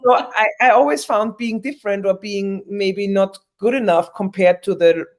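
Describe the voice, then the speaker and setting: Woman telling lively stories. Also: mid-range voice, moderate pace. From Germany. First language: German. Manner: animated storyteller, frequent restarts, mimics other voices. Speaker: guest. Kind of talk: conversational interview.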